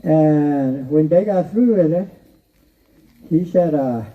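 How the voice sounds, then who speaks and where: A man's voice: fairly high pitch, takes it slowly. A man telling a spoken story, rambling and repetitive, often chuckling to himself. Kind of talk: oral storytelling. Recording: distant, dull lo-fi recording.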